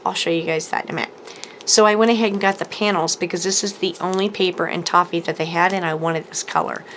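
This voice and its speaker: A woman's voice: fairly low pitch, a little hiss or hum. A woman hosting a casual craft haul video, chatting enthusiastically with lots of ums and little laughs as she shows products to the camera. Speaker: crafting channel host. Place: home craft room, showing products to camera.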